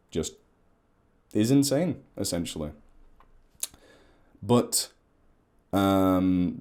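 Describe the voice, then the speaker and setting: A man's voice: fairly low pitch, mellow. A man, an ecologist chatting at length and in a rambling way as he explains to camera.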